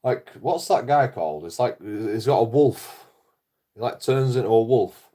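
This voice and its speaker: A man's voice: mid-range voice, animated, unhurried, dark tone. Blunt, swearing man, darker tone. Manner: heavy swearing, blunt, laughs often. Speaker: YouTuber. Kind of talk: casual rambling monologue.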